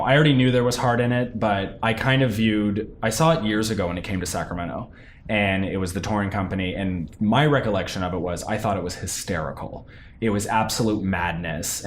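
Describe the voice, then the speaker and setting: A man's voice: on the low side, slight background noise. A young man, a stage actor, chatting in an interview about his role, talking animatedly with many fillers and restarts. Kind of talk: casual interview.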